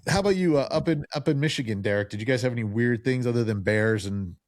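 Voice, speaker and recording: A middle-aged man from New Jersey, a podcast guest telling lively stories in casual chat and acting out the people he quotes. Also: medium pitch, quick pace, dry recording, clean studio sound. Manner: animated storyteller who acts out quoted voices.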